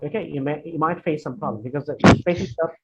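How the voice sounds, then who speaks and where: A man's voice: on the high side, fast. A man leading an online question session for students, answering in a friendly, hesitant way with many fillers and restarts. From Bangladesh. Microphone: video call. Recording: dull lo-fi video call with faint noise.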